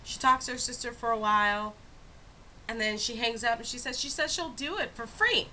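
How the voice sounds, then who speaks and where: Young woman, casual vlog storyteller, bright tone, lively and expressive delivery. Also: on the high side, moderate pace, a little hiss or hum, rough recording. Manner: animated, expressive retelling with rhetorical asides. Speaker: vlogger.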